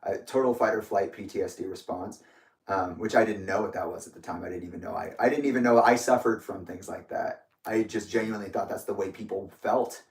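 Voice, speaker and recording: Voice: low voice, fairly even intonation, brisk. A podcast co-host talking candidly in casual chat, often restarting sentences. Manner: candid and confessional, with stammered restarts.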